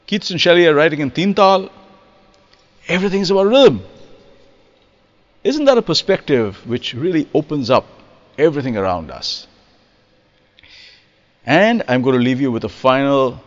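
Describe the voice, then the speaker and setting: A man giving a spoken music lesson on rhythm, lively and demonstrative, acting out examples and reciting verse in a studio. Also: mid-range voice, long reverb tail, muffled recording. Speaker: percussionist explaining rhythm.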